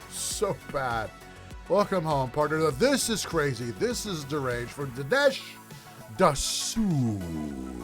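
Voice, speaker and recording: A man's voice: fairly high pitch, very animated, a little slow, a bit bright, soft background music. A man streaming, giving crude, rambling reaction commentary, mocking what he plays and laughing often.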